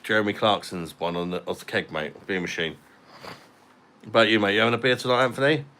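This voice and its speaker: A man's voice: fairly low pitch, fast, pushed and bright, a little hiss or hum. A man, chatting casually on a live stream and answering viewers' comments. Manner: laid-back, chatty, reads out viewer comments.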